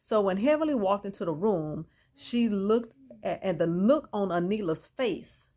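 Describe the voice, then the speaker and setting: A woman with a mid-range, dark-toned voice recaps a reality TV episode, animated but a little slow. She's opinionated and gossipy, chatting straight to her viewers and mixing in her own reactions.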